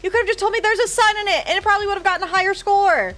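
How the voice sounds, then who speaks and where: A woman's voice: very high-pitched, rapid-fire, a bit bright. A woman streaming from home, chatting casually and teasing her viewers in chat.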